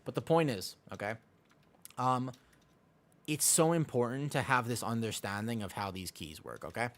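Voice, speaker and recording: A man's voice: medium pitch, animated, normal speed. Male game streamer, loose live-stream banter, talks to chat while showing his screen, swears casually, hammers his point home. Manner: casual, profane, explains with emphatic repetition.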